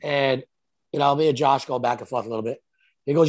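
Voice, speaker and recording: A man telling a profane, animated story in casual chat, acting out what each person said. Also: mid-range voice, a little fast. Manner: profane, animated, quotes himself and others. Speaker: podcast guest, tattoo artist.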